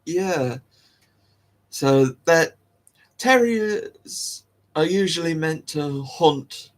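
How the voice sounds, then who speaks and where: A man's voice: a little high, animated, extremely slow. A man hosting a casual solo talk, rambling and giggling with many restarts. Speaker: host. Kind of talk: casual solo talk about dog breeds.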